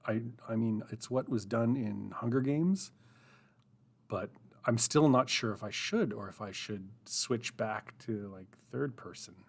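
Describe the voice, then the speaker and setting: A man's voice: on the low side, measured pace, gravelly. Rambling man muttering at his desk. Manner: rambling, self-deprecating, thinks aloud and mutters. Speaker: writing group host. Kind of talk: casual live-stream chat while writing.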